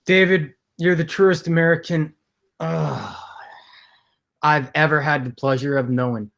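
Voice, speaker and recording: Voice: medium pitch, steady tone, measured pace, gravelly, a bit bright. An improv performer playing a news anchor, talking in exaggerated, scolding anchor patter. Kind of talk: improv comedy.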